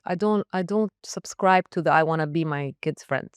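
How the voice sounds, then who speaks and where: A woman's voice: low-pitched, normal speed, few pauses, clean tone, no room sound, studio quality. A woman around sixty, a school leader answering interview questions in an emphatic, direct way with short punchy phrases. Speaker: school academic leader, guest.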